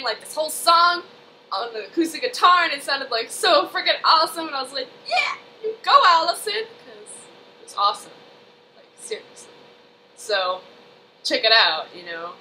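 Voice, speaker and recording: A woman's voice: a little high, bright, forceful tone, slight background noise, poor audio. A young woman casually recapping a TV episode at home, gushing and rambling with lots of "like" and "um".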